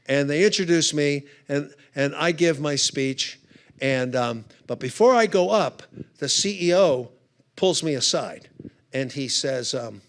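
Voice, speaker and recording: A man speaking at a men's conference, telling a humorous story with lively acted-out voices. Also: fairly high pitch, clean tone.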